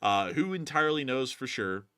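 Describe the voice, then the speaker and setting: A man's voice: mid-range voice, very animated, moderate pace, sharp tone, smooth, dry recording, clean studio sound. A man hosting a live stream, answering viewer questions in a rambling way with lots of fillers. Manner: rambling, filler-heavy, folksy sign-offs. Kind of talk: casual live-stream commentary.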